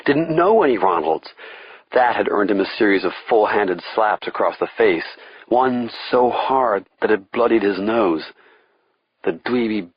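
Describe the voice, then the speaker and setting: A man's voice: mid-range voice, breathy edge, dry recording, muffled recording. A man giving a dramatic, tense scripted thriller narration. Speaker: audiobook narrator.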